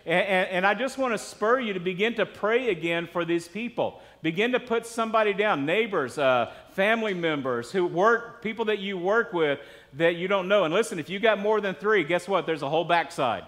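High-voiced pastor guy preaching, earnest and chatty with the crowd, big echoey church hall. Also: lively intonation, moderate pace, a bit bright. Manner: earnest, conversational preaching with asides to the congregation. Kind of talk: sermon.

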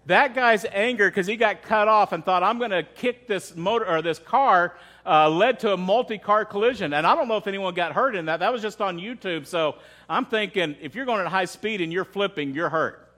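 A high-pitched man delivers a church sermon as pastor. His talk is loose and conversational, with frequent questions to the listeners and repeated words as he finds his way through a thought. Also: a little fast, bright, forceful tone. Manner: conversational, asks the congregation questions.

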